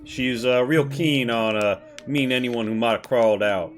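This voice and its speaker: A man's voice: mid-range voice, normal speed, close to an everyday voice. A man voicing a folksy, rural male soldier with a hick accent in a tabletop game, drawling and full of uhs. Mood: official. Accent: generic rural American hick. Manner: drawling, hesitant with many uhs. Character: folksy rural male soldier, self-styled sovereign patriot. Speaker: game master.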